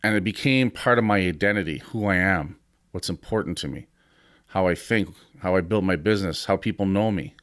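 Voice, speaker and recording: A man's voice: low-pitched, brisk, a bit bright, no room sound, studio quality. A man in his fifties hosting a podcast, talking frankly and with some swearing about confidence and training. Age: 50s. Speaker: podcast host and gym owner. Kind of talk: casual podcast talk.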